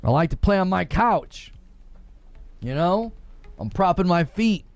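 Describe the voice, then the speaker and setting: A man's voice: sits high, lively intonation, a little slow, dry recording, soft background music. A man ranting on a live stream in a played clip, exasperated and complaining about his critics. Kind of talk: casual live-stream rant.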